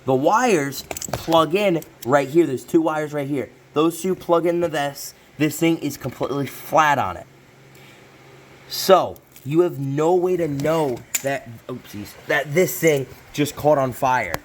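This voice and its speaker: A man's voice: on the high side, unhurried, slight background noise. A young man hosting a casual repair vlog in a hot garage, rambling and self-interrupting with apologetic asides. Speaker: channel host.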